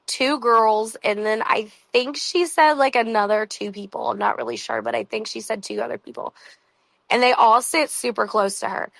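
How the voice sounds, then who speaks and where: A woman retelling a story in a casual, chatty vlog, with many "like"s and quick asides. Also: on the high side, vocal fry, a bit bright, no room sound, poor audio. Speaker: vlogger.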